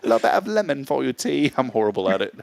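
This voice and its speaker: A man's voice: medium pitch, very fast, creaky. A man hosting a casual morning talk show, joking and laughing a lot. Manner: joking, animated, laughs often. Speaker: radio show host.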